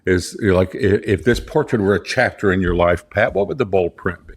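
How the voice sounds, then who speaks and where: Speaking as a guest in his own studio, a middle-aged portrait photographer with a Southern US accent tells stories in a conversational interview. His low, husky voice moves briskly. Earnest and emphatic, he often starts over and says his main points again.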